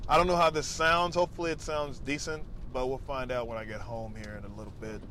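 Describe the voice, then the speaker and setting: A man's voice: medium pitch, fast, noisy background. Profane rambling male comedian. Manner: profane, animated, rambling on tangents. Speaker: stand-up comedian. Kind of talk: casual vlog monologue. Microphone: lavalier mic plugged into a phone.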